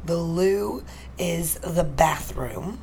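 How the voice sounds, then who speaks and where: American woman, slightly low pitch, curious and laughing, casual chat, faint noise. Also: extremely slow, gravelly, darkish tone, low-quality recording. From United States. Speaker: podcast co-host.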